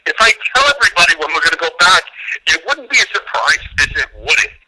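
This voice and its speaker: A man talks fast and emphatically as the guest in an interview, with a bright, forceful edge to his voice. He tells his stories in an animated way, acting out both sides of each conversation. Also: fairly high pitch, a little hiss or hum, poor audio. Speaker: animal rescue worker, guest. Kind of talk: interview, storytelling.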